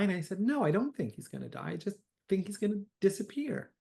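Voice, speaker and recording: A man's voice: on the high side, lively intonation, normal speed, vocal fry, warm tone. A man teaching tarot, telling a story from a reading in an online class, hesitant with many "uh"s and restarts, livelier when he quotes people.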